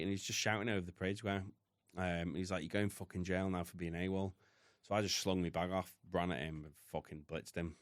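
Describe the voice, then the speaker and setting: Deep-voiced British man telling a hard story. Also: fairly even intonation, quick pace, dry recording, clean studio sound. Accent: British English. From United Kingdom. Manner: blunt, heavy swearing, emotional retelling. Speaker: podcast guest. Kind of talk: candid storytelling.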